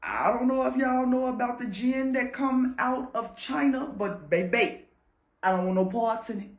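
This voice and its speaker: A woman's voice: a little high, normal speed. Lady spinning a spooky tale, cussing and laughing, roomy echoey sound. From Chicago, USA. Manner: animated, profane, laughs a lot. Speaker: storyteller. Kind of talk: casual paranormal storytelling. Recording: roomy echo.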